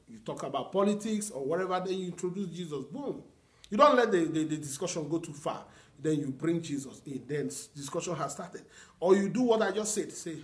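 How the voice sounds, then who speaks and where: A man's voice: fairly high pitch, lively intonation, brisk. A man preaching a sermon as pastor, teaching earnestly and repeating key phrases.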